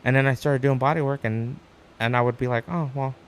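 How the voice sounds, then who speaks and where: A man guest chatting casually on a podcast, an animated storyteller who acts out quotes with sudden high jumps in his voice and swears freely. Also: brisk, slight background noise. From Arizona, USA. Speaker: guest, stand-up comic.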